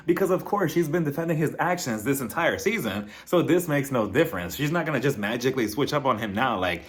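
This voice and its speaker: A young man casually recapping a reality TV episode, sassy and animated, sometimes mimicking cast members. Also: a little high, fast, few pauses.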